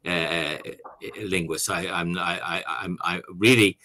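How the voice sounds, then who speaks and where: A man's voice: sits low, fairly even intonation, takes it slowly, bright, forceful tone. A man, an author and academic, answering questions on a video call in a hesitant conversational way with many fillers and restarts. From Ireland.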